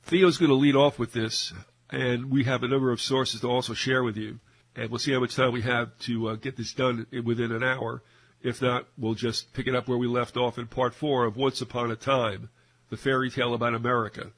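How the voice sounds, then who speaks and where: A man's voice: mid-range voice, level tone, fairly quick. A man co-hosting a casual talk radio discussion, rambling with many fillers and restarts. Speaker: co-host.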